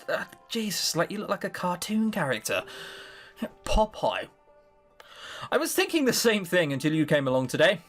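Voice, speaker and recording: A man's voice: a little high, expressive, brisk, a bit bright, faint music behind. A man reading a visual novel aloud, sarcastic and swearing as he mocks the writing. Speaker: let's play host.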